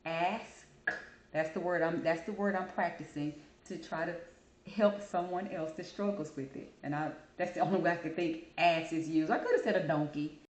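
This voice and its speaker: Low-voiced woman chatting to camera. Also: moderate pace. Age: adult. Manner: chatty, animated storytelling. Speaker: channel host. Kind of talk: casual talk to camera. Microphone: camera mic. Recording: roomy echo.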